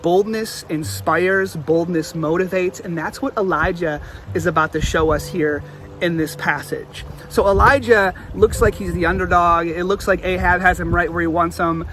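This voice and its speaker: A male pastor preaching an online sermon, telling the story in an animated, jokey way. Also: high-pitched, normal speed.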